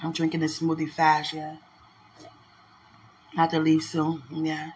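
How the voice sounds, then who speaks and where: A woman's voice: low-pitched, completely flat delivery, measured pace, slight background noise. A woman in an emotional casual talk to her partner, effusive and prayerful, repeating her words.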